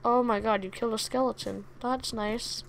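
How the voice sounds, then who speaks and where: A woman giving chatty, excitable let's play commentary from a home setup, talking to the game's monsters as she plays. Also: fairly high pitch, normal speed, vocal fry, slight background noise. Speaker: gaming video creator.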